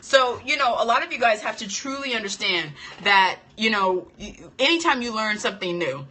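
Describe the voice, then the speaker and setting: A woman hosts a casual live-stream chat, talking shop as an esthetician trainer. Her voice is bright and forceful. She is chatty and playful, reads out viewer comments and answers them. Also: a little high, normal speed, slight background noise. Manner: playful and expressive, laughs often.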